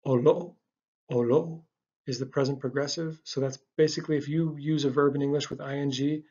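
Male language teacher, patient step-by-step explainer with frequent ums, mid pitch, slightly dull lo-fi audio. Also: flat delivery, fast talker, a little mellow, husky. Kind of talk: casual slide-based lesson narration.

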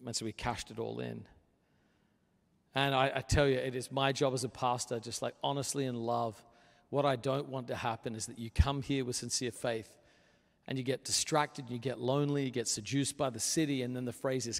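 A man preaching a sermon as pastor, earnest and conversational, building to forceful emphasis. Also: mid-range voice, little pitch movement, moderate pace, vocal fry. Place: church sanctuary. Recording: long reverb of a large hall.

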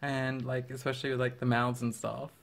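Casual young male artist co-host, giggly, medium pitch. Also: level tone, fairly quick, vocal fry, a bit bright. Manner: giggly, drops into squeaky mock voices. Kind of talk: casual chat over a drawing video.

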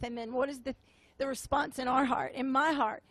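A woman minister giving a tearful, halting sermon testimony to a room, often repeating her words. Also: sits high, steady tone, fairly bright tone, no echo. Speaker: prophetic minister. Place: meeting room with audience.

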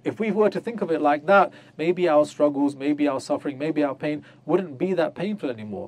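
A man's voice: fairly high pitch, expressive, a little fast, few pauses, darkish tone. A man giving an interactive religious lecture, asking his listeners questions and acting out little scenes to make his points. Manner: questions the audience, acts out voices of mothers. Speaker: Islamic teacher. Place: on a group pilgrimage tour.

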